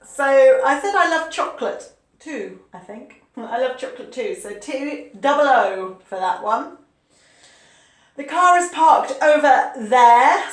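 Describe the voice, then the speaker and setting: Patient woman teacher, high voice, unhurried delivery, spells words letter by letter. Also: roomy sound. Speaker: English teacher. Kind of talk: online English spelling lesson.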